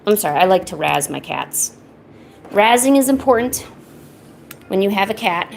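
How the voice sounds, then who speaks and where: An art streamer paints at home while chatting in a laid-back, teasing way, breaking into playful baby talk with her cats. Her mid-range voice is animated with vocal fry, at a normal speed, and there's a little hiss or hum.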